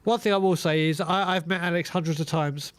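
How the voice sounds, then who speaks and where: A man's voice: fairly high pitch, steady tone, brisk, clear, resonant tone. A man hosting a fan show over a video call, talking casually and friendly with many stammered restarts. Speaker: host.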